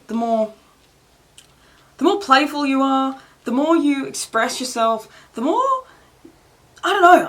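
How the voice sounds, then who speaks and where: A woman's voice: a little high, fairly bright tone, slight background noise. A woman from Australia giving a casual tarot reading, rambling and swearing freely with frequent laughs and filler words. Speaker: tarot reader.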